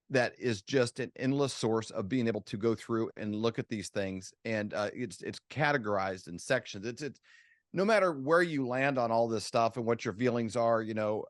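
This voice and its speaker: A man's voice: medium pitch, no echo, studio quality. A man hosting a casual interview, talking in a conversational way with hesitant fillers. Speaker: interviewer, host.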